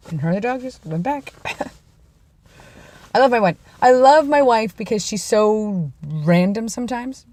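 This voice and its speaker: A woman's voice: fairly high pitch, animated, a little slow. A young adult woman telling rambling, self-deprecating stories in a casual vlog. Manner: rambling, self-deprecating, drops to a hush for quoted lines. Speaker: vlogger.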